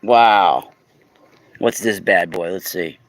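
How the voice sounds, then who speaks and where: A man chatting casually on a livestream, exclaiming loudly and talking straight to his viewers while selling crystals. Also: low-pitched, slow. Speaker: crystal seller and podcaster. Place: indoors at home.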